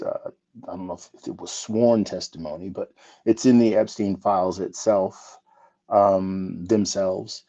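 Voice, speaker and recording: A man in a casual podcast chat, talking haltingly with many fillers. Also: on the low side, warm tone. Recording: dull lo-fi audio.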